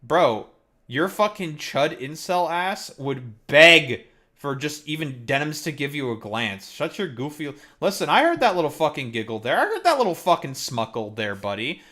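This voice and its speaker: A man on a live stream tears into a clip with heated, mocking commentary, cursing at every turn. His voice sits a little high and swings wildly up and down. He talks in a loose, casual stream style. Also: big pitch swings, normal speed, sharp tone. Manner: heated, mocking, swears constantly. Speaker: streamer host. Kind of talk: profane live-stream reaction rant.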